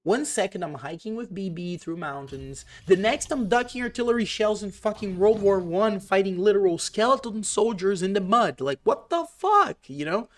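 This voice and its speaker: A man giving casual, excitable reaction commentary on a video game, swearing often and reading his own notes aloud. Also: high-pitched, moderate pace, few pauses. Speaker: gaming vlogger.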